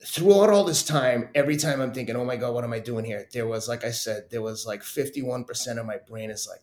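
A middle-aged man telling his story as a podcast guest, animated and often laughing as he acts out what others said. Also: mid-range voice, fairly quick, hardly any pauses, echoey room. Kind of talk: casual storytelling interview.

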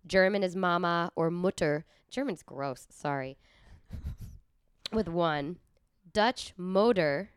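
A woman's voice: lowish voice, slow, long pauses, smooth, dry recording. A woman co-hosting a podcast in casual chat, dry and sarcastic, often laughing. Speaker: podcast co-host. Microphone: studio microphone.

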